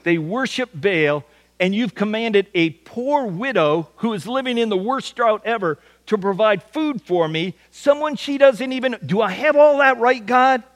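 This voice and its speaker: A man's voice: high voice, lively intonation, unhurried. A male preacher voicing an ancient prophet who mutters in disbelief to himself. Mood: incredulous. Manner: incredulous, muttering.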